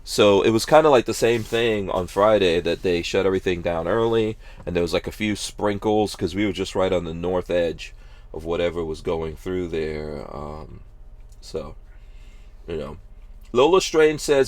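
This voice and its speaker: A man's voice: deep voice, animated, normal speed. A man hosting a podcast in casual chat, rambling along with lots of hedges and restarts. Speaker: podcast host.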